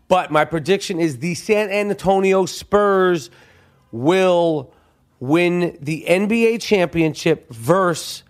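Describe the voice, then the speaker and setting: A middle-aged man from New York who hosts a podcast, ranting about sports in a profane, worked-up comic way. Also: on the high side. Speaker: podcast host. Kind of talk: comedic sports rant.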